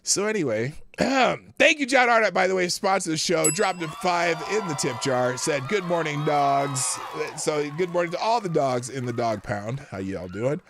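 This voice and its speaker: Animated high-voiced man hosting a talk show. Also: normal speed, creaky, hardly any pauses. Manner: animated, incredulous, reads quotes aloud and laughs. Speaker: host of a live political talk show. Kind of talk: casual political commentary.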